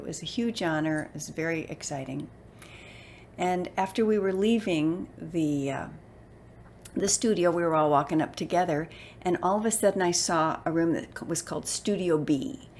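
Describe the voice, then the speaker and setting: Expressive older woman storyteller, lowish voice. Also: moderate pace, slight background noise. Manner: animated, expressive, acts out quoted voices. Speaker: motivational speaker and voice actor. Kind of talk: personal storytelling to camera.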